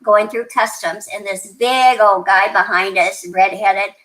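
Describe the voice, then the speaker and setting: An older woman from New Mexico, USA, guests on a podcast, telling stories in a casual, chatty, rambling interview. She restarts sentences often and fills gaps with "um" and "you know," speaking at a measured pace in a middle-pitched, slightly bright voice over poor audio.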